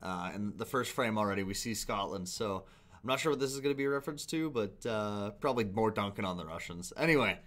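A man's voice: lowish voice, lively intonation, fast talker, a bit bright. A man hosting a reaction video, talking casually with rambling asides and frequent laughs. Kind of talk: casual commentary.

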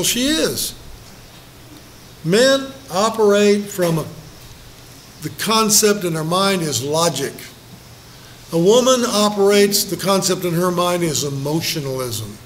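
An older man from Los Angeles teaching a Bible study. He has a slightly high-pitched voice and tells homespun stories with jokes. A faint hiss of room noise sits under his voice. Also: fairly bright tone. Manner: storytelling, joking, acts out quotes. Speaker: preacher leading a Bible study.

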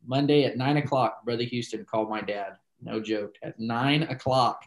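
A man's voice: mid-range voice, moderate pace, hardly any pauses, rough recording. A man, a pastor, telling a story in a casual interview, rambling with many asides and acting out the dialogue he quotes.

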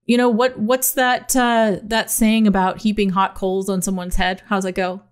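A woman co-hosting a podcast in casual chat, telling stories in an animated way with laughs. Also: mid-range voice, moderate pace, clean tone. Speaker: podcast co-host.

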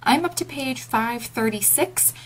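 A woman's voice: sits high, lively intonation, unhurried, slight background noise. A young woman chatting casually in a reading vlog from home, giggly and gushing, on a camera mic. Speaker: book vlogger.

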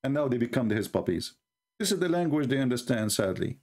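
A man's voice: medium pitch, very animated, brisk, darkish tone. A man hosting a live-stream religious debate show, mocking and combative, chuckling at his own jokes and speaking English with non-native grammar.

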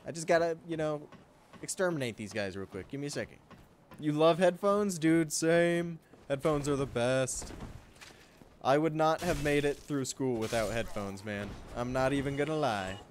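A young man streaming a game, chatting with viewers in a relaxed, joking way and breaking into loud yelps and laughs. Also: a little high, normal speed, a little hiss or hum. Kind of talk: gameplay commentary.

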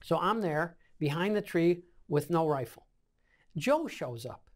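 A man's voice: fairly high pitch, animated, measured pace. A man in his seventies, a war veteran, recounting combat memories in an oral-history interview, acting out scenes with sound effects. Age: 70s.

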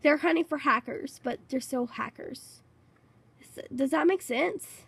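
Excitable high-voiced woman narrating gameplay. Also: measured pace. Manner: excitable and rambling, repeats herself a lot. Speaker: gaming channel host. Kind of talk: casual gameplay commentary.

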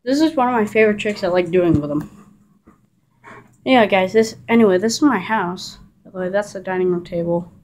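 A woman's voice: medium pitch, brisk, a little hiss or hum. A woman vlogging casually in her living room, chatting and rambling while holding the camera in one hand. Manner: chatty, rambling, breaks off to scold the dog loudly. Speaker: vlogger showing her dog. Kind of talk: casual home vlog. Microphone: handheld camera, filmed one-handed.

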